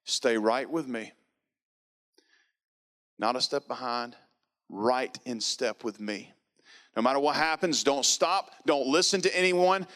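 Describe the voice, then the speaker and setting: A man voicing a stern, calm male Marine who gives clipped, insistent orders. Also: on the high side, natural voice.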